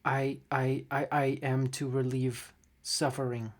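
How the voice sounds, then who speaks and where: A man's voice: mid-range voice, flat delivery, a little slow, voice pushed down, lightly acted. A man voicing an earnest young male construct made of metal, who speaks stiffly and hesitantly with stammers, in a narrated tabletop adventure. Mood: lost.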